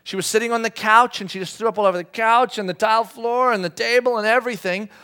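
Storytelling pastor in his thirties, slightly high voice. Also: fairly even intonation, fast talker, bright, forceful tone, smooth. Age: 30s. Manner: chatty, self-deprecating storytelling with fillers. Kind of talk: sermon storytelling.

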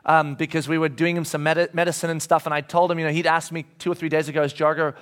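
A middle-aged man preaching a sermon, telling a personal story in a conversational way with frequent restarts and soft, quiet reflective stretches. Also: a little high, little pitch movement, rapid-fire. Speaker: pastor. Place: church sanctuary.

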